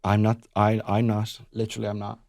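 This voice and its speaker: A man's voice: fairly low pitch, monotone, a little fast, vocal fry, a little mellow, no echo, studio quality. A young adult Irish man co-hosting a podcast, chatting casually and jokily, often acting out what people said. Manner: chatty, jokey, acts out quotes. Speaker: podcast co-host. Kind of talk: casual chat.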